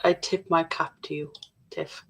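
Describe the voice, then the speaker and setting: A woman's voice: low voice, steady tone, measured pace, creaky, fairly bright tone, breathy edge, low-quality recording. Woman reading out live chat comments. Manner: reads viewer comments aloud with dry, jokey swearing. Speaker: stream co-host reading chat. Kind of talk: casual live-stream chat.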